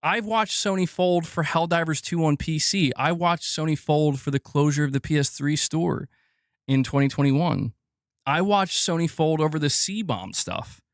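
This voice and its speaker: A man's voice: fairly high pitch, normal speed, no echo, clean studio sound. A man hosting a live gaming news stream, ranting casually and swearing as he talks to his chat.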